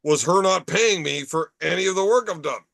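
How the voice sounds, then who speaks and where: A man's voice: high voice, fairly quick, gravelly, a bit bright, no room sound. A man hosting a casual bar chat podcast, telling profane, rambling stories. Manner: profane, storytelling. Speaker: podcast host.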